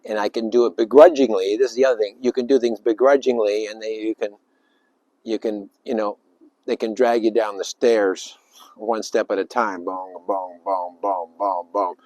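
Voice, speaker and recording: A man's voice: on the low side, steady tone, normal speed, no room sound. Emphatic rambling man, dry sound. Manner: rambling, emphatic, with sudden loud bursts; acts out little voices and sounds. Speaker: spiritual speaker. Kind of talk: informal spiritual talk.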